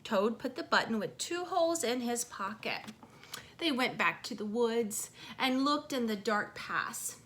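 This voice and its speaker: A woman's voice: a little high, lively intonation, a little slow, fairly bright tone, slight background noise. A woman reading a children's storybook aloud, with chatty asides to young listeners.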